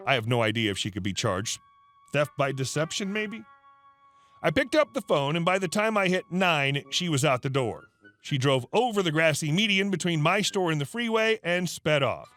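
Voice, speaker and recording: A man reading stories aloud as a narrator, with expressive, animated delivery. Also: a little high. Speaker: story narrator. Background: faint background music.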